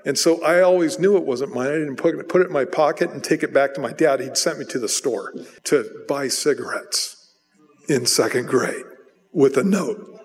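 A pastor giving a sermon in a conversational, storytelling way, with self-deprecating asides. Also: male voice, a little high, normal speed. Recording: long hall reverb.

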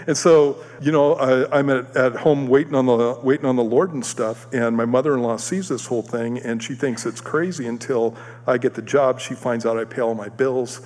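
A man giving a sermon, telling a personal story in an animated way and acting out the voices of the other people in it. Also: mid-range voice, normal speed. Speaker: preacher. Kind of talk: sermon testimony. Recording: long hall reverb.

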